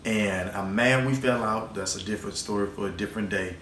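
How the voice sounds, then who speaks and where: The speaker is a man running his own vlog, his lowish, slightly bright voice going a little fast. He rambles emotionally through a personal story, repeating himself and occasionally swearing, in a recording with roomy echo and faint noise.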